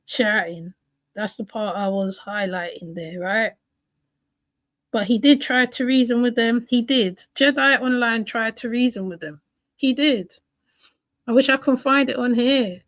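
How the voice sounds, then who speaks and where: Calm woman streaming. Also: on the high side, no room sound. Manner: calm, steering, conversational. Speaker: streamer commenting on a clip. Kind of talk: casual live-stream commentary.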